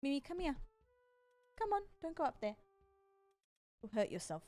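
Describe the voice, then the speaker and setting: A woman's voice: high voice, sing-song, moderate pace, a little mellow, faint music behind. A tired woman streamer chatting casually with her live chat and cooing to her cat between remarks.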